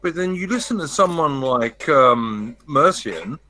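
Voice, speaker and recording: Middle-aged South London man, bright edgy voice, emphatic and sweary panelist. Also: fairly high pitch, expressive, unhurried. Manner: blunt, emphatic, swears freely. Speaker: podcast panelist. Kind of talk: casual chat.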